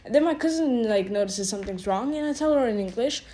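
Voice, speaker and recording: A woman with a voice a little higher than most tells a long storytime rant to camera. She rambles, stumbles over restarts and leans on casual fillers, sounding fed up throughout. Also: lively intonation, fast talker, warm tone. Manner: rambling, exasperated, filler-heavy with "like" and "bro". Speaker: vlogger.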